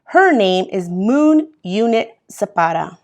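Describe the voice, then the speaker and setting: Slow, patient woman teaching English. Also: mid-range voice, very animated, darkish tone. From Mexico. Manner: patient, explains words step by step. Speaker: English as a second language teacher. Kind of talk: reading and explaining a textbook lesson.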